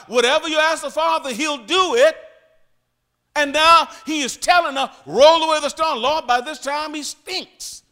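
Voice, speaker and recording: Male pastor, high and bright, dramatic sermon delivery. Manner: preaching with sudden swings from loud to hushed, acting out Bible voices.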